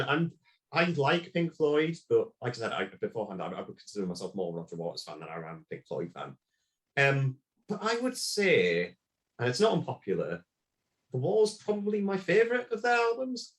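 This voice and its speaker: A man's voice: a little high, big pitch swings, moderate pace, a bit bright. A man as a podcast guest, talking about a film and album in a casual, rambling way with lots of fillers.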